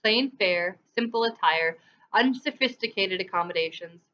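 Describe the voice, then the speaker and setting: A woman's voice: medium pitch, normal speed, muffled recording, slight background noise, lightly acted. A woman voicing a stern, pious middle-aged clergyman who lectures severely. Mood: pompous.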